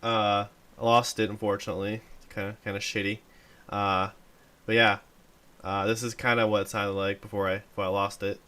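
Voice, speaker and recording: A man's voice: fairly low pitch, level tone, normal speed, bright, forceful tone, smooth. A man from Boston co-hosting a casual podcast, joking, swearing freely and laughing often. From Boston, USA. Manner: jokey, profane, laughs often. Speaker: podcast co-host. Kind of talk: casual chat.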